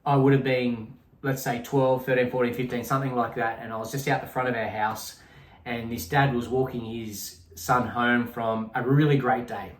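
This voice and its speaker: A man's voice: medium pitch, fairly even intonation, moderate pace. A middle-aged man co-hosting a podcast, talking in a reflective, rambling way with frequent restarts. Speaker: podcast co-host. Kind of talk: casual conversational chat. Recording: echoey room.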